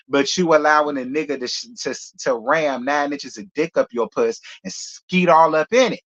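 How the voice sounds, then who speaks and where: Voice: medium pitch, moderate pace, few pauses, a bit bright, lo-fi sound. A gossip show host giving casual, blunt and rambling commentary on the news.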